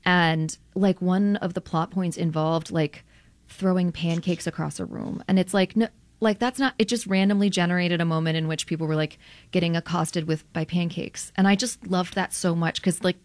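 The guest is a radio journalist whose voice sits fairly low, recorded without echo. In conversation she's animated and rapid, breaking into laughter frequently and peppering her words with "like."

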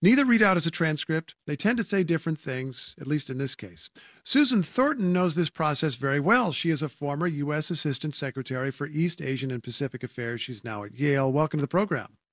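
A man's voice: fairly high pitch, animated, a little fast, no room sound, clean studio sound. A man anchoring a radio news program, speaking conversationally with wry asides as he introduces reporters and guests.

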